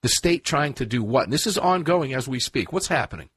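A male talk radio host with a slightly husky voice and a sarcastic, emphatic way of talking. He speaks into a dry, close studio mic. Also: medium pitch, animated, brisk, fairly bright tone, no room sound.

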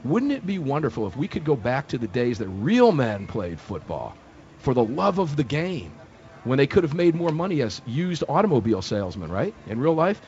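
A man's voice: medium pitch, very animated, moderate pace, darkish tone, lo-fi sound. A man hosting a live talk radio show from a fair booth, speaking in an emphatic, indignant, opinionated way.

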